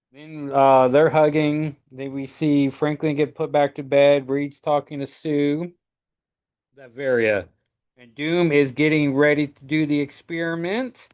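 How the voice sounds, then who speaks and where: A man's voice: fairly high pitch, darkish tone, smooth. A man who reviews comic books, recapping a story in a loose, casual way with lots of "like" and "um.". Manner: loose, filler-heavy recap with "like" and "um".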